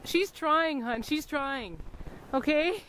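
Slow-talking, high-voiced young mom vlogger. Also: female voice, lively intonation, a bit bright, slight background noise, poor audio. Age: young adult. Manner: chatty, laughing, playful. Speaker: vlogger mother. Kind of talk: casual family vlog chat. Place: outdoors in deep snow.

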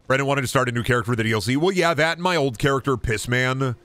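A man's voice: medium pitch, rapid-fire, fairly bright tone. A man streaming a game, giving casual, profane, rambling commentary full of absurd jokes.

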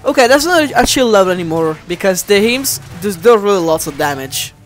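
A man giving let's play commentary, animated and easily exasperated, often addressing viewers as guys. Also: sits high, brisk, soft background music. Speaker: gameplay commentator.

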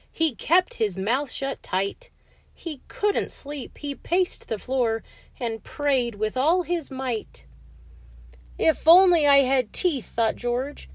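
A woman reading a rhyming children's picture book aloud in an expressive, sing-song way. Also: fairly high pitch, no echo. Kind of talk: read-aloud storytelling for kids.

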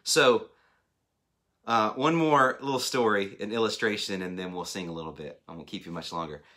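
A man in his thirties preaching a sermon as a pastor, animated and acting out voices as he speaks. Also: lowish voice, normal speed. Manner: animated, acts out phone voices. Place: church hall.

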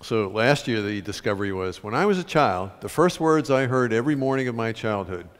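A man from the United States, an author telling stories and reading aloud to an audience, animated, with sudden loud bursts. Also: medium pitch, fairly quick. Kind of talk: storytelling talk and reading to an audience. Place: large concert hall with an audience. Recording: long hall reverb.

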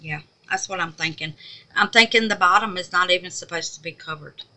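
A woman chatting to her viewers while making resin crafts, often trailing off into quiet muttered asides. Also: fairly low pitch, fairly quick. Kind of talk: casual crafting vlog.

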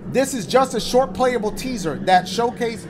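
A man's voice: very high voice, expressive, normal speed, music in the background. A man hosting a let's-play of a horror game, cracking jokes and swearing as he reacts, yelping when something startles him. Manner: joking, profane running reactions, yelps when startled. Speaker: gaming channel host. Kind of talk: casual let's-play commentary.

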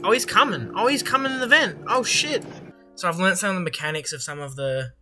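With music in the background, a young adult gamer rattles off casual, excited horror-game commentary at a brisk pace. The medium-pitched voice swears often and yells at every scare.

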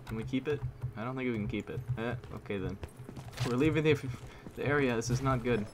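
A man giving live commentary over his own gameplay, excitable, repeating himself and using mild minced oaths. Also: medium pitch, brisk, background noise. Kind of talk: live video game commentary. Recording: loud game gunfire under voice. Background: gunfire and shooting game sounds.

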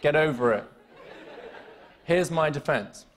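A British man from the UK gives a keynote in a conference hall, speaking slowly in an animated, fairly high voice. His humor is wry and self-deprecating, and he says "um" a lot and restarts often.

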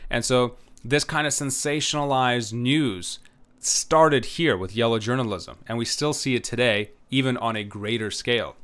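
A man's voice: medium pitch, moderate pace, fairly bright tone, clear, resonant tone. A man giving a recorded history lecture, rambling with many filler sounds and frequent "right?" checks.

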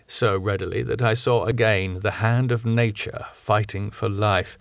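A man narrating a classic novel in a measured, clear storytelling manner. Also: on the low side, no echo, clean studio sound. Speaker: audiobook narrator. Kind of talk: scripted narration.

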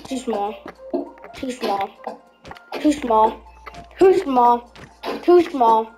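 A woman's voice: fairly high pitch, animated, drawn-out words, low-quality recording. A woman giving casual gameplay commentary, rambling and repeating herself as she builds. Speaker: gaming video creator. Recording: clear background music.

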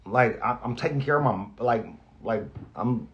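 A man, a radio host, talks candidly and off the cuff, halting and restarting often, with lots of profanity and earnest emotion. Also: mid-range voice, muffled recording. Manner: halting, rambling, heavy profanity, frequent restarts; earnest, emotional about being grateful. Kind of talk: candid off-the-cuff vlog talk.

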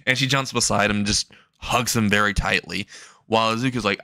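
A man's voice: on the low side, steady tone, a little fast, sharp tone, no echo. A young man casually narrating an improvised comedic fan story, crude and laughing.

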